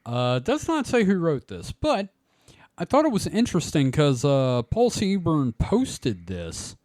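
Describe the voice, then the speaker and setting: Lively, animated man hosting a podcast. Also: on the high side, a little slow, no echo, clean studio sound. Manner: joking, laughs often, animated reading. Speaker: podcast host. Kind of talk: casual chat, reading an article aloud.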